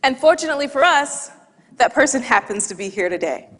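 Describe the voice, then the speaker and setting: A woman giving a humorous storytelling talk on stage, lively and laughing at her own anecdote, into a headset or lapel mic. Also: high voice, brisk. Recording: long hall reverb from a stage talk.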